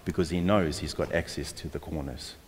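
Deep-voiced male pastor preaching in a hall. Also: steady tone, fairly quick, a little hiss or hum. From South Africa. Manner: emphatic, exhorting, with repeated restarts. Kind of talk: sermon. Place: church hall. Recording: long hall reverb.

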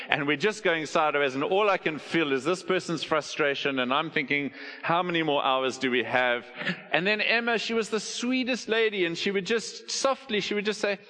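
A middle-aged man, preaching a sermon as a pastor, telling stories and putting questions to the congregation. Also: fairly high pitch. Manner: animated storytelling, asks the audience questions. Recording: long hall reverb.

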